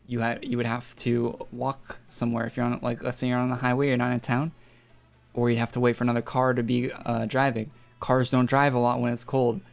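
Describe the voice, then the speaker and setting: Faint background music accompanies a young man from northern Alberta, Canada, who rambles and swears casually during live-stream gaming chat. He speaks at medium pitch with vocal fry.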